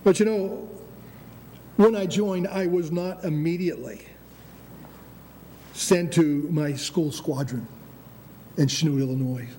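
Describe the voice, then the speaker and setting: Older man preaching, light mellow voice. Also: on the high side, takes it slowly, long pauses, slight background noise. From United States. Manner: emphatic preaching with many restarts, calls of "Amen?". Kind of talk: sermon.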